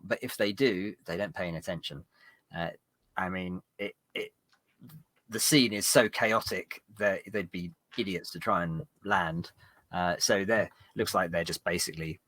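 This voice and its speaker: A man narrating as game master of a tabletop game, rambling and halting with many fillers. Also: on the low side, a bit bright, no echo.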